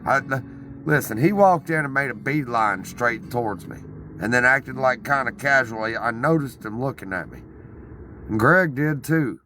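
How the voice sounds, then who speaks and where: A man with a raspy voice telling a rowdy, profane story in casual chat. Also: mid-range voice, lively intonation, normal speed, pushed and bright, a little hiss or hum. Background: music playing.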